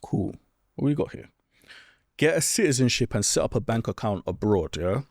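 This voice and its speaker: A man's voice: mid-range voice, animated, moderate pace, no room sound, studio quality. Blunt man lecturing his listeners. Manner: blunt, lecturing, keeps asking "do you understand?". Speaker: podcast host. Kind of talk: solo advice monologue.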